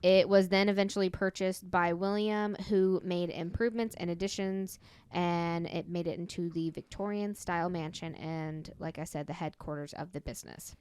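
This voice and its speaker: Lowish-voiced woman podcast host, rambly storytelling, lots of um and uh. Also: steady tone, moderate pace, hardly any pauses, a little mellow, clean tone. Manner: rambling, self-correcting, with fillers. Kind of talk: casual storytelling chat.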